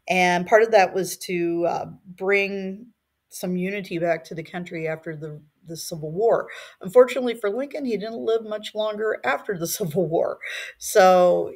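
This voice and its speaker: A middle-aged woman teacher giving a relaxed, conversational history lecture with many fillers. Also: medium pitch.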